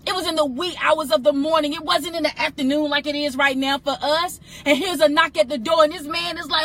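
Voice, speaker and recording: Brief: high, bright-toned woman co-host, preacherly and emphatic, drives call-and-response. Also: fairly quick, hardly any pauses. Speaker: co-host of inspirational show. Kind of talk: preacherly inspirational talk.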